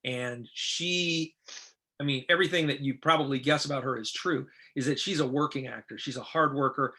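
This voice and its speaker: A middle-aged man, a film director, telling casual stories in an interview and acting out what others said in lively voices. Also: mid-range voice, normal speed, breathy edge. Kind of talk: casual anecdotal storytelling.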